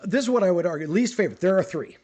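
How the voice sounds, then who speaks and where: High-voiced man ranting about history. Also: very fast. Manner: animated, opinionated, stumbles and repeats words. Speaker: history guest on a live stream. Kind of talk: casual live Q&A chat.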